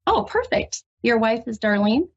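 A woman hosting a call-in psychic reading, halting and full of ums, gentle and reassuring with the caller. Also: fairly high pitch, big pitch swings, husky. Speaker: psychic medium host. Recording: dull lo-fi radio recording.

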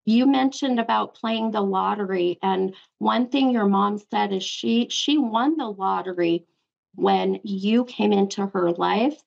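Woman, psychic medium host, affectionate, says hun a lot, very gravelly voice, muffled lo-fi sound. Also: mid-range voice, measured pace, darkish tone. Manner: affectionate, keeps calling the caller hun. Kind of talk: live call-in spirit reading.

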